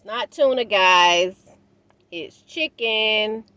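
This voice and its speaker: Slow-talking older woman vlogging. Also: mid-range voice, bright, forceful tone, dry recording, highs cut off. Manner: unhurried, encouraging, talks to viewers as guys. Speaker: van life vlogger. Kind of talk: casual vlog while cooking. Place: inside a parked van.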